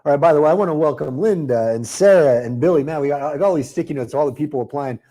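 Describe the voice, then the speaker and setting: Pitching a marketing program on a live webinar, this host talks fast in a voice on the high side, staying mellow and upbeat. He chats easily, reading out comments from viewers and replying to them by name.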